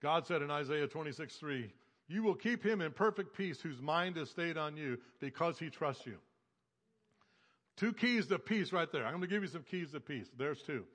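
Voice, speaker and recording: A man's voice: fairly high pitch, lively intonation, normal speed, fairly bright tone, in a large hall. A man preaching a sermon as a pastor, emphatic and repetitive, building phrases in rhythmic lists.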